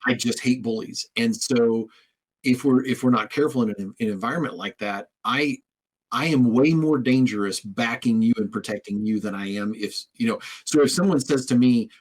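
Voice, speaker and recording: A man's voice: medium pitch, normal speed, slightly rough, low-quality recording. A man hosting a podcast interview, telling stories in a rambling way with frequent restarts and repeated words. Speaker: podcast host. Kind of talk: conversational interview.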